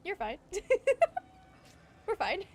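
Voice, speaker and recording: A woman's voice: very high voice, very animated, very slow. A young woman streaming a video game, chatting casually and reading chat aloud, laughing often and ranting with swearing. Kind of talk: casual gameplay commentary.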